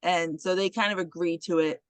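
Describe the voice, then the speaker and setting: Animated woman recapping a movie. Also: lowish voice, a little fast, dry recording. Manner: animated retelling with swearing and acted quotes. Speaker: podcast host.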